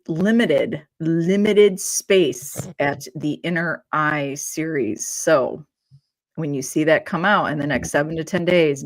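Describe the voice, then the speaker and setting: A woman co-hosting a casual podcast, giggling often and rambling with frequent restarts. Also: low-pitched. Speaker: podcast co-host. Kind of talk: casual chat.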